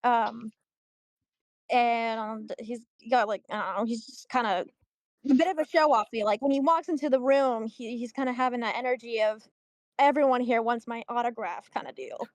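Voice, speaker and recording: A woman's voice: a little high, moderate pace, dry recording. A woman playing in a tabletop game, chatty and giggly with lots of fillers. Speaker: player. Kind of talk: casual chat.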